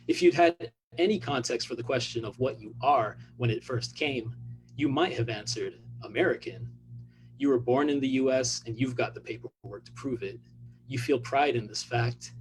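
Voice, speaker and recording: A man, an author, reading his own fiction aloud in a measured, deliberate way at a public event. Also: mid-range voice, darkish tone, a little hiss or hum.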